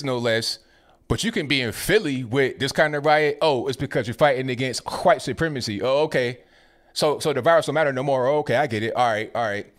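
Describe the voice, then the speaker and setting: A man's voice: mid-range voice, fairly bright tone. A man reacting to video clips in casual commentary, sarcastic and full of rhetorical questions.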